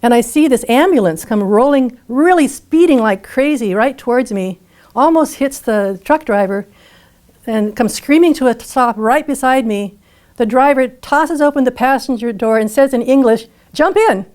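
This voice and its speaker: A woman's voice: on the high side, normal speed, a little mellow. A woman speaker retelling a personal story to an audience, vivid and dramatic. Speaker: featured speaker.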